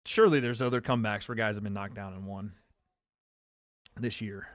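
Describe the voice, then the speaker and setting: A young man hosting a live watch-party stream, chatting casually and excitably, swearing freely as he reacts. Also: lowish voice, brisk, no room sound. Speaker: livestream host.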